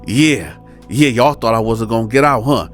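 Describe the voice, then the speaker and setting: A bitter ex-convict son threatens in a coarse, slangy mid-pitched voice, as a man acts him out. He sounds cold and menacing rather than loud. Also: lively intonation, normal speed, soft background music, lightly acted.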